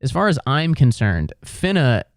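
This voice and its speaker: Ohio guy, solo comic podcast rant, rambling and profane, smooth voice, dry close mic. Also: medium pitch, moderate pace, dry recording. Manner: rambling, profane, full of restarts. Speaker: podcast host.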